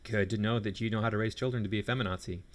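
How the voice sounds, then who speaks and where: Low-voiced sarcastic male commentator. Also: fairly even intonation, rapid-fire. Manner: sarcastic, scornful. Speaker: commentator reacting to a video. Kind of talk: reaction commentary.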